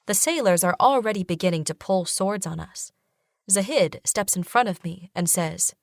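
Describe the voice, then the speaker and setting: A woman reading a first-person fantasy audiobook in a steady narration style. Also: on the low side, moderate pace, gravelly, dry recording, studio quality.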